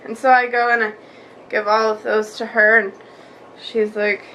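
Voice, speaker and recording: Bright, high-voiced chatty young woman. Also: moderate pace, slight background noise. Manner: chatty, animated, acts out quotes with many likes. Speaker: vlogger. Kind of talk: casual storytelling vlog.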